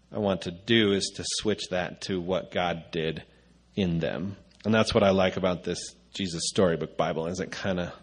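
A man preaching a conversational sermon, casual and rambling with frequent filler sounds. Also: low-pitched.

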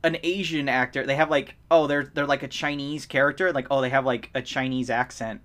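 A man's voice: mid-range voice, fairly even intonation, brisk, fairly bright tone. A young man co-hosting a casual movie podcast, ranting with energy and laughing often. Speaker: podcast co-host. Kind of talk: casual movie-review chat.

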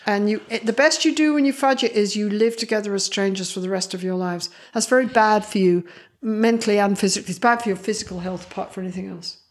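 A woman's voice: mid-range voice, quick pace. A woman psychologist, a guest in an interview, telling stories and acting out the voices of the people in them. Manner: animated, acts out quoted voices. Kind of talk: storytelling in an interview.

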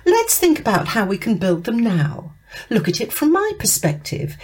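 A woman's voice: on the high side, wildly swooping pitch, normal speed, a little mellow, husky, pitched above the performer's own voice, exaggerated voice. A woman reading a story aloud and voicing a stern, pushy female programme director in a firm, bossy manner.

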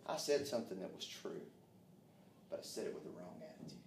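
A man preaching a sermon, fervent, calling out amen and dropping to hushed tones. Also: on the low side, expressive, moderate pace, creaky, slight background noise. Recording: echoey room, mic far off.

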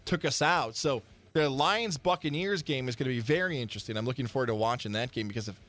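A man's voice: mid-range voice, fast. A man hosting sports talk radio, ranting with energy and acting out the quotes he tells. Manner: animated, ranting, acts out quotes.

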